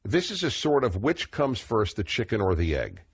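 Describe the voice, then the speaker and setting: A man's voice: fairly low pitch, huge pitch swings, moderate pace, creaky, husky. A man, hosting a call-in radio talk show, expansive and opinionated, chuckling now and then.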